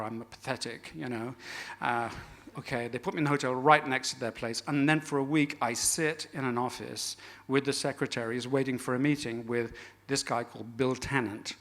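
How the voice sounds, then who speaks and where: A man's voice: medium pitch, fairly even intonation, a little fast, fairly bright tone. A man telling a personal anecdote on stage as a guest speaker, conversational and self-deprecating, swearing freely as the story builds.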